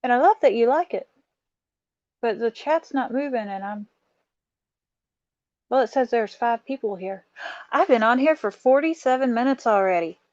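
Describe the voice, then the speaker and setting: A woman's voice: a little high, expressive, normal speed, long pauses, a little mellow, dry recording. A middle-aged woman, chatting casually on a live stream as she shows off a craft haul, laughing often and talking to her viewers. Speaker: livestream host showing a craft haul. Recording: dull, muffled lo-fi sound.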